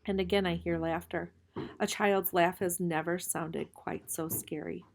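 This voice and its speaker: Woman reader, novel read aloud, measured and calm, slightly low voice. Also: vocal fry.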